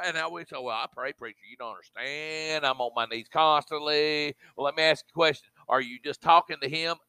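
A man preaching, his voice somewhat high and tense with force. He talks emphatically and folksily to the congregation. The sound is close and dry. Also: brisk, hardly any pauses, bright, forceful tone, smooth, no echo. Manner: emphatic, with colloquial asides to the congregation. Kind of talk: sermon.

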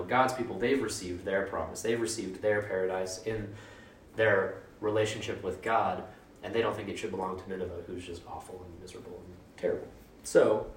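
A man's voice: fairly low pitch, a little hiss or hum. Man preaching in a roomy hall. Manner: informal and joking, with mock voices for quotes. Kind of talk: casual conversational sermon. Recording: roomy echo, mic at a distance.

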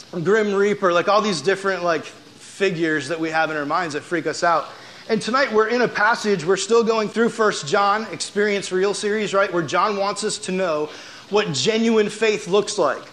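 High-voiced chatty young male preacher. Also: slight background noise. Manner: animated, chatty, heavy use of "like". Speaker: youth pastor. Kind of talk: casual storytelling sermon.

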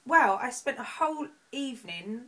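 A bright, giggly woman with an Essex accent chats playfully on a home podcast. Her voice sits fairly high and carries a sharp, lively tone. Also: normal speed, poor audio. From Essex, England. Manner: giggly, playful, laughs often. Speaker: podcast co-host. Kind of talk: casual chat. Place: home living room, TV on.

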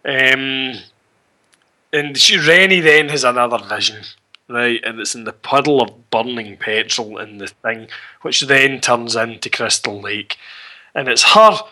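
A man's voice: medium pitch, unhurried, bright, forceful tone. A middle-aged man, recapping a film in casual, sweary, rambling chat with chuckles. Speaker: podcast co-host.

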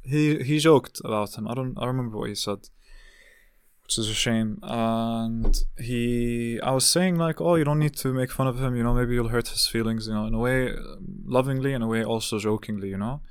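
Young man, casual vlog rant, frustrated and profane, rambling; smooth voice, dry close recording. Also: mid-range voice, moderate pace, dry recording. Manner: frustrated, swearing, rambling with restarts. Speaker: vlogger recounting a family call. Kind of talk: casual ranting monologue.

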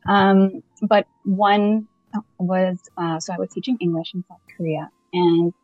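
A woman's voice: fairly low pitch, level tone, measured pace, no echo, highs cut off, faint music behind. A young woman from Canada, a podcast guest, chatting casually and animatedly with many fillers. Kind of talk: casual conversation.

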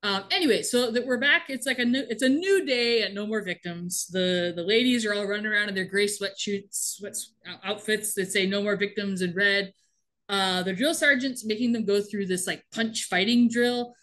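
A woman's voice: mid-range voice, normal speed, fairly bright tone. A woman co-hosting a casual chat, retelling a TV episode in a chatty way and acting out the lines. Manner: chatty storytelling, acts out quotes with laughs. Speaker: podcast co-host recapping a TV episode.

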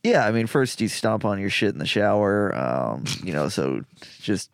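A young man co-hosts a comedy podcast, needling his friend with deadpan jokes. His voice is low and gravelly, yet it moves around a lot in pitch. The sound is close and dry. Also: moderate pace, no echo. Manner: teasing, deadpan. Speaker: podcast co-host. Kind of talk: casual comedic chat.

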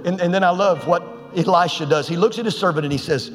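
An emphatic male preacher with a fairly high voice delivers a storytelling sermon in a colloquial style. His voice carries long church-hall reverb with faint music underneath. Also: fast talker, few pauses.

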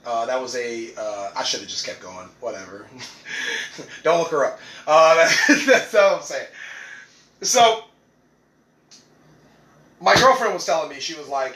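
A man's voice: high voice, expressive, normal speed, long pauses, sharp tone, echoey room, poor audio. A young man hosting a podcast, talking casually and animatedly, laughing often and acting out what others said. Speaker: podcast host.

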